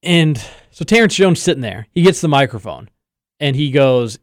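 A man hosting a sports podcast, telling a story in a lively casual way and acting out the quotes. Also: a little high, fairly quick, no room sound, clean studio sound. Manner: animated storyteller, acts out quotes. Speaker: podcast host.

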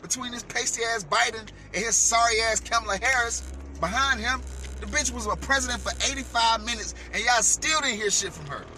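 A man delivering a heated, profane rant as a vlogger, shouting at times. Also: very high voice, fairly quick, slight background noise. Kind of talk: heated ranting commentary.

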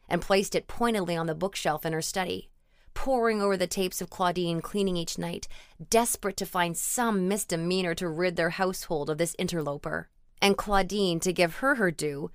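A woman narrating an adult story in a measured, even storytelling manner. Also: fairly low pitch, clean tone, no echo, clean studio sound. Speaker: audiobook narrator. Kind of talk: scripted narration.

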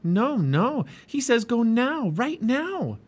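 A man's voice: slow pace, breathy edge, full character voice. A man doing an eager little girl. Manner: high, bright and excited. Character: eager excitable young girl.

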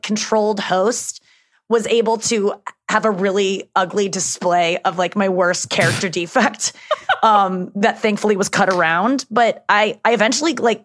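A woman's voice: mid-range voice, a bit bright, no room sound, studio quality. Candid rambling woman telling stories. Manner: rambling, candid storytelling with frequent "like" and swearing. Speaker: guest, show host. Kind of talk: casual podcast chat.

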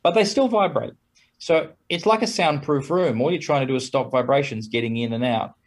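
A man's voice: medium pitch, a little fast. A man who plays trumpet, talking casually as an interview guest, chuckling between points and acting out quoted exchanges in a raised voice.

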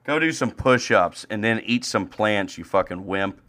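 Man ranting, bright voice, loud to mumbling. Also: moderate pace. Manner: angry, profane, swings from loud ranting to low mutters. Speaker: podcast co-host. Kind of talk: profane ranting sports podcast chat. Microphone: home streaming mic.

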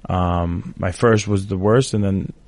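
Guest fighter, male, lowish voice, halting and emotional, dry sound. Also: steady tone, darkish tone, no echo. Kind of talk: casual interview talk.

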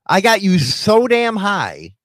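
A male host telling profane stories in casual chat and reacting to clips, with loud bursts. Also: sits high, huge pitch swings, slow, no room sound, clean studio sound. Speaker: podcast host.

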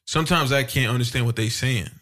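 A man co-hosts a casual podcast. He thinks out loud in halting phrases and often repeats words before he gets going. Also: medium pitch. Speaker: podcast co-host.

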